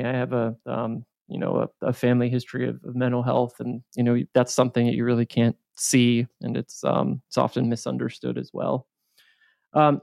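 Gravelly male podcast host. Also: mid-range voice, no room sound. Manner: gentle, supportive questions. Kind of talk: interviewing.

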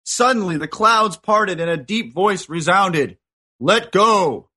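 A man's voice: high-pitched, a little slow, pushed and bright, breathy edge. A man co-hosting a casual radio chat show, easygoing and a bit hesitant, reading listener mail. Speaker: radio co-host.

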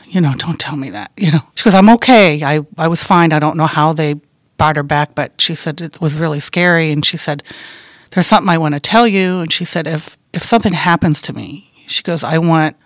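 A middle-aged woman telling the story of her daughter in an interview, talking softly and haltingly, often trailing off into a quiet voice. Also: low-pitched, no room sound, clean studio sound. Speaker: guest, bereaved mother.

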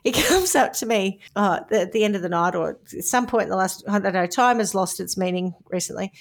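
Middle-aged woman, Australian accent, podcast co-host, casual chat, lively storyteller. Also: mid-range voice, fairly quick, creaky. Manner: chatty, acts out quoted voices with laughter.

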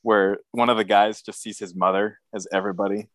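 A man's voice: on the low side, flat delivery, brisk, a bit bright, no room sound. A man co-hosting a casual sports podcast, talking in a wry, joking way.

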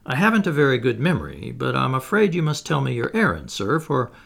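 A man voicing a respectable elderly English gentleman who is hesitant and dazed, turning nervously jovial. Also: mid-range voice, wildly swooping pitch, brisk, gravelly, exaggerated voice. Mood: bewildered, jovial.

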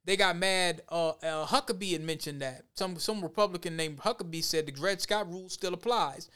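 Guy with a high, smooth voice, blunt and profane, chatting on a show. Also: moderate pace. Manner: blunt, profane, animated storytelling. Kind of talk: casual talk show chat.

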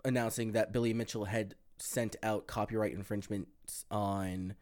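A man co-hosting a podcast, talking in a loose, profane, animated way with plenty of fillers. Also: lowish voice, moderate pace. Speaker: podcast co-host. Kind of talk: casual chat.

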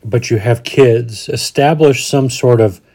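Warm and husky, this medium-pitched male voice runs a little slow. The speaker, a Colorado podcast host in his forties, chats casually and folksily, rambling and restarting often.

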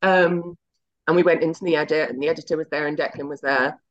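Speaking very fast with fairly even intonation, this middle-aged woman has a low-sitting voice. As a TV executive guest in a casual interview, she spins a chatty anecdote and performs the dialogue herself, captured on slightly muffled lo-fi audio.

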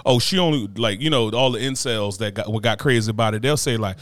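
Blunt, profane man talking fast. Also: fairly low pitch, dry recording, clean studio sound. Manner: blunt, profane, animated, repeats "you know what I mean". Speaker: podcast co-host. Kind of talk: casual chat.

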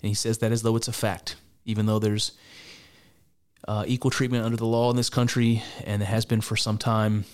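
A man's voice: on the low side, smooth. A man giving sarcastic, exasperated and profane reaction commentary on a debate. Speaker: political commentator.

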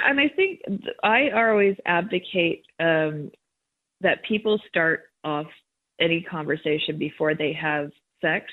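A woman in her thirties, a guest and educator, explaining things in a frank, upbeat way over the phone. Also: low voice. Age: 30s. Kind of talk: phone interview. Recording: tinny phone line.

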